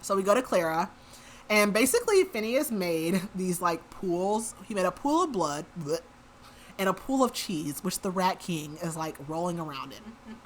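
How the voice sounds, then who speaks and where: A woman with a lowish voice and lively intonation hosts a podcast, recapping a book's plot at a moderate pace. Her casual, chatty retelling is packed with fillers, especially "like." A slight hiss or hum sits under the audio.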